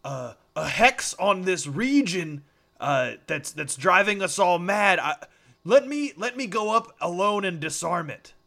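A man doing a scheming adventurer, loud, theatrical, pitched up and bright. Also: expressive, measured pace, creaky, full character voice. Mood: urgent. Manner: loud, urgent, theatrical yelling. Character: scheming male adventurer shouting false warnings.

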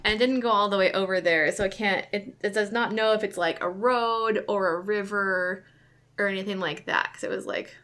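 A woman's voice: medium pitch, steady tone, normal speed, fairly bright tone. A woman narrating a tabletop game as game master, rambling with many likes.

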